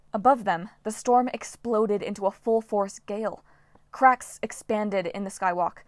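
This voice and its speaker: A woman's voice: mid-range voice, measured pace, no room sound. Woman reading an audiobook, dry close sound. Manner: lively, dramatic reading. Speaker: audiobook narrator. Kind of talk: scripted narration.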